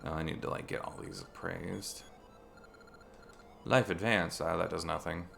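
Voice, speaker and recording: A man's voice: sits low, steady tone, measured pace, vocal fry, a bit bright, a little hiss or hum. A man streaming a video game and chatting casually while he plays, rambling and restarting his sentences often. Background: faint game music.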